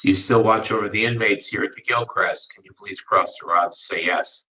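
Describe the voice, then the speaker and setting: A man running a ghost-hunting session with dowsing rods, making slow, polite requests with long pauses and turning soft-spoken when emotional. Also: fairly low pitch, fairly even intonation, poor audio. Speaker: ghost hunter. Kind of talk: dowsing-rod spirit session.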